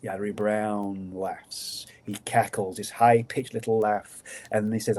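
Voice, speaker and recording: A man, a guest storyteller on a podcast, narrating a folk tale in a lively, dramatic way. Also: on the low side, unhurried, hardly any pauses.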